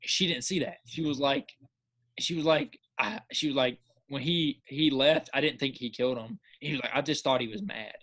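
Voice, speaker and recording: A man co-hosting a podcast, chatting casually and excitedly, rambling with lots of filler and acting out his own reactions. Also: mid-range voice, moderate pace. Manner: repeats filler words. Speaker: podcast co-host. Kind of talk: casual chat.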